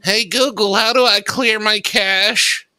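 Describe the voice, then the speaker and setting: Very bright, high-voiced joking man. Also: steady tone, slow, clean tone, no room sound. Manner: joking, mock-helpless. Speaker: radio show co-host. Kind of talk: casual comedic chat.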